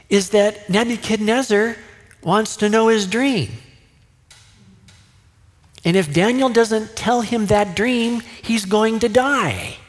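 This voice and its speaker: Man, pastor, sermon, conversational, unhurried, slightly high voice, hall echo. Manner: conversational preaching, acts out voices of people in the story. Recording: long hall reverb.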